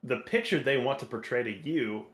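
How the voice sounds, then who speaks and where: A man co-hosting a podcast, speaking in a measured, thoughtful way with dry humor. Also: mid-range voice, expressive, roomy sound. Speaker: podcast co-host. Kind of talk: casual chat.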